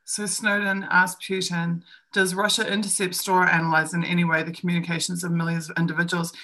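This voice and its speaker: A New Zealand woman co-hosts a live-streamed discussion, arguing her views emphatically and acting out other people's lines. Her lowish voice stays fairly flat in pitch, and she talks briskly with a sharp tone.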